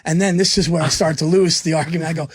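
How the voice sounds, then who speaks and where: A man, a comedian guest on a radio show, telling a story with lots of laughter and excitement. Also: on the high side, fast, very noisy. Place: radio studio. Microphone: studio microphone.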